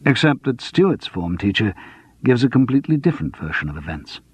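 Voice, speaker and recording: A man voicing a calm, quietly insistent man questioning someone, in a storybook reading. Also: mid-range voice, slightly rough, no echo. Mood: probing. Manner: measured, persistent, cool. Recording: dull lo-fi dry audiobook recording.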